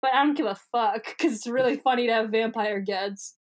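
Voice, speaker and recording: A young woman with a fairly high voice chats casually as a podcast co-host. She retells a story with animated energy and slips into silly voices for the characters. Her delivery is loose and conversational. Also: a little fast. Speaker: podcast co-host recapping a book. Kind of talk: casual chat.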